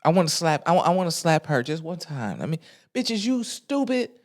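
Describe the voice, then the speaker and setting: Animated, profane woman ranting. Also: sits low, fairly quick. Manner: animated, profane, laughs often. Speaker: podcast host. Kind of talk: casual ranting commentary.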